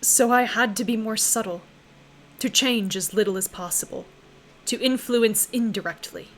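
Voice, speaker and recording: A woman voicing a shadowy, immortal, time-bending being in a visual novel, speaking in a low, hushed, solemn way. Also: normal speed, a little hiss or hum, lightly acted, low-quality recording. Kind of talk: visual novel line reading.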